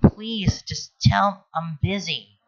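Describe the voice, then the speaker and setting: A wisecracking teen boy, put on by a man reading a story, teasing and cocky in his banter. The voice sits higher than the reader's own. The recording is dull and lo-fi. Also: slow pace. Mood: pleading. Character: teen boy, joking, anxious underneath.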